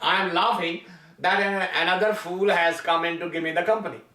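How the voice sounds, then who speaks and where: A man's voice: sits high, steady tone, moderate pace, pushed and bright. A man voicing a laughing bird skeleton that mocks and regrets, in an echoey room from far off. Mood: mocking. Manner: mocking, then weary and remorseful.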